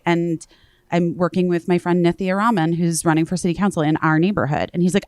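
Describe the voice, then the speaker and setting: A woman hosting a podcast, telling a story in casual chat, animated, acting out what others said and swearing freely. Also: on the low side, fast talker, no echo, studio quality. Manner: animated retelling, acts out quoted voices, swears freely. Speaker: podcast host.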